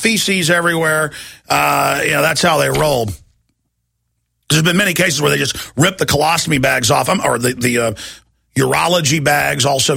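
A man's voice: a little high, gravelly, sharp tone, husky, no echo, studio quality. A middle-aged man hosting a talk radio show, ranting in a heated, repetitive way and mocking people with put-on voices.

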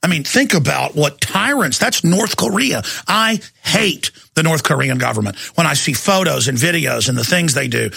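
A man hosting a talk radio show, ranting heatedly and shouting at times, then taking calls. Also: on the high side, animated, vocal fry, slightly rough. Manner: angry, shouting at times, fast bursts.

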